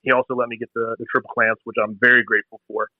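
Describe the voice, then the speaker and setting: A man's voice: mid-range voice, racing, no echo. Man, 30s, chatty interview guest acting out stories, tinny phone-line sound, dry. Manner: animated, acts out phone calls in quoted voices. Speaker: bike builder guest. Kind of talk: casual storytelling interview.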